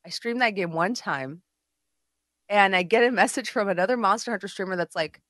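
Speaking a little fast in a mid-range voice, a female podcast co-host tells stories in casual conversation, animatedly performing others' quotes. The sound is clean studio audio, dry and free of room tone.

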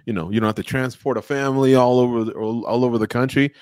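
A man's voice: medium pitch, steady tone, fast talker, darkish tone, clear, resonant tone, no room sound. A man hosting a podcast, chatting casually with a guest and asking playful questions. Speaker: podcast host. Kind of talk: casual interview talk.

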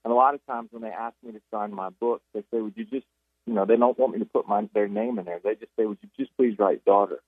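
A man's voice: lowish voice, fast talker, dry recording. Man telling Bible stories over a phone line. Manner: animated storytelling with many restarts. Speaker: author and guest. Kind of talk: radio interview, retelling Bible stories. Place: Jacksonville.

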